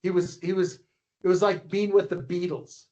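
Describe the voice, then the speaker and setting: A man's voice: high voice, level tone, moderate pace, darkish tone. A man in his sixties, a podcast guest and longtime coach, telling stories in a rambling way, repeating words and acting out what others said. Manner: rambling, repeats words, acts out quoted dialogue. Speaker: podcast guest, ski racing coach and publisher. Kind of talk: anecdotal storytelling. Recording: slightly muffled lo-fi podcast audio.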